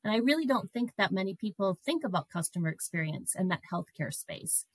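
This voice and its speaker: A middle-aged woman guest telling a personal story in an animated way, breaking into laughter. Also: medium pitch, fairly quick, slightly rough, no echo, low-quality recording.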